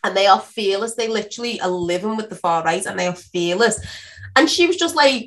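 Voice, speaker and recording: Animated British woman telling a story. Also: brisk. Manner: animated storytelling, laughing, rising to high exclaims. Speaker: guest. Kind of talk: casual conversation.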